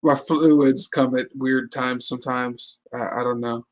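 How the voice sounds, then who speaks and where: A male player in a tabletop game who talks hesitantly, trailing off and joking about his character. His voice is an ordinary middle pitch. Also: level tone, a little slow, rough recording. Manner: hesitant, jokey. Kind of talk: casual tabletop game chat.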